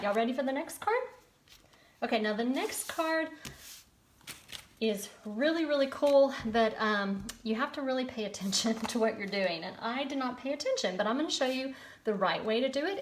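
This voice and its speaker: A woman's voice: medium pitch, slight background noise. A woman leading a live card-making tutorial, chatty and encouraging, greeting viewers by name.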